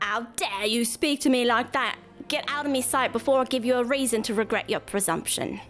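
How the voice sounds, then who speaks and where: A woman's voice: mid-range voice, moderate pace, soft background music, lightly acted. A woman voicing a weary, stern female receptionist in a game, with a put-on accent and a solemn delivery. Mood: haughty.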